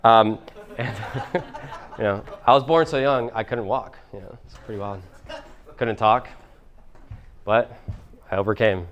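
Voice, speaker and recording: A man's voice: lowish voice, fairly even intonation, unhurried, pauses often, muffled recording. A man coaching a small group in a live workshop, casual and jokey, swearing freely and talking straight to the room. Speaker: business and mindset coach.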